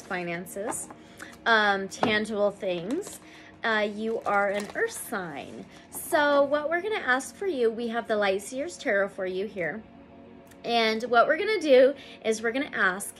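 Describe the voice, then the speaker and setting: Woman tarot reader, casual reading to camera, gushing and excitable, fairly high voice, soft music behind. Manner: reads card meanings aloud slowly.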